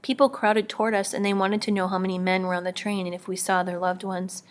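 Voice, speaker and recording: A woman narrating an audiobook in the first person, quiet and measured, often near a whisper. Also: medium pitch, level tone. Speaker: audiobook reader.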